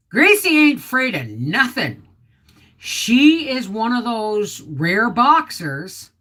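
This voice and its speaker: Fairly low in pitch yet pushed and bright, this middle-aged woman runs a relaxed homestead livestream indoors at home. Talking into a desktop mic, she chats away, reads out viewer comments, and coos baby talk at her dog.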